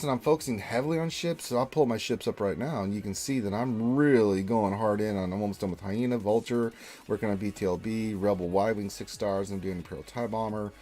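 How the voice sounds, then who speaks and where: A man's voice: medium pitch, a little mellow. Man reading out livestream chat. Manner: reads chat names and greetings aloud, rambling and opinionated. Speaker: livestream co-host. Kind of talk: casual livestream chat reading viewer comments.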